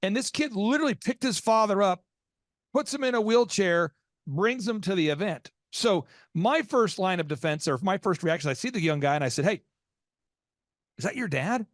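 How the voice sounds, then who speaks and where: An American man hosting a podcast, telling a long story with energy and leaping into high excited voices when he acts out his reactions. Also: normal speed, no echo, clean studio sound. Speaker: podcast host. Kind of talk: animated storytelling in a business podcast.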